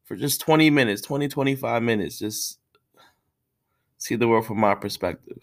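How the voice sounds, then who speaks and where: A man hosting a solo podcast from his room, tearful and halting, with sighs and restarts. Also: medium pitch. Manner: halting and emotional, with sighs, restarts and street slang. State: tearful, has been crying. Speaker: podcast host. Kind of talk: casual solo podcast talk.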